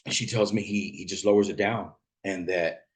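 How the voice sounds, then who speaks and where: A man's voice: sits low, fairly even intonation. A man who drives for a rideshare app tells a story in a rambling, casual way, swearing freely. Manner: rambling and profane, quick asides.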